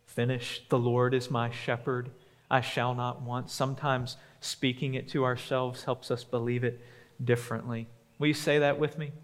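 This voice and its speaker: A man preaching as a pastor, slow and earnest, building emphasis, then leading a closing prayer. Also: medium pitch, big-room sound. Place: church sanctuary.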